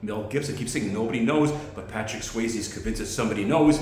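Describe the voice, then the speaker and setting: A man's voice: fairly low pitch, fast, darkish tone. A man doing a rambling, self-deprecating stand-up monologue as an amateur comedian. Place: outdoors on a pile of dirt. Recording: very echoey spot.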